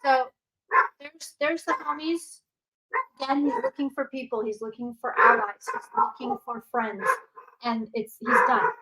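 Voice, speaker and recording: A woman's voice: high-pitched, level tone, a little slow, bright, forceful tone, low-quality recording. A woman hosting a casual psychic livestream from home, chatting loosely, repeating herself and answering viewer questions. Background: dog barking.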